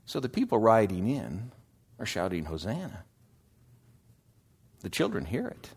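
A man preaching a sermon, slow and deliberate, swinging between loud emphasis and hushed asides. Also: fairly low pitch, wildly swooping pitch, gravelly, breathy edge.

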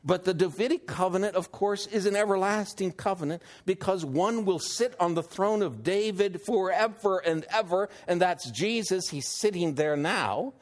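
A man preaching a sermon and reading scripture, unhurried, asking his listeners rhetorical questions. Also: high voice. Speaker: pastor.

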